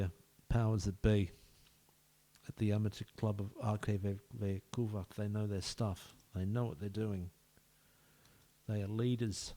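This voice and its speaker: Guy doing slow laid-back game commentary, joking around with the players. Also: fairly low pitch, a little mellow. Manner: jokey, banters with in-game players. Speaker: gaming video host. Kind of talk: casual let's-play commentary.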